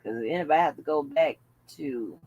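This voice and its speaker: A woman's voice: low-pitched, a little fast, darkish tone, husky, highs cut off. A woman hosting a casual commentary vlog, chatting bluntly and jokingly to her viewers with plenty of profanity. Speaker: channel host.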